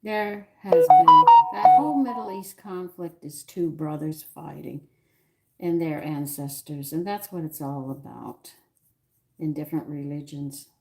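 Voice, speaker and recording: Woman in her sixties, low pitched, gravelly, cooking host, chatty and opinionated, home kitchen. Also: unhurried, music in the background. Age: 60s. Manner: rambling, opinionated, greets viewers by name. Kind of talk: casual chat while cooking.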